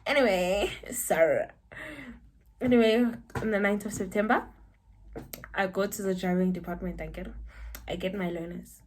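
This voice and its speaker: A young South African woman telling a personal story to camera, animated and breaking into high exclamations. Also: normal speed, long pauses, a little hiss or hum. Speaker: vlogger.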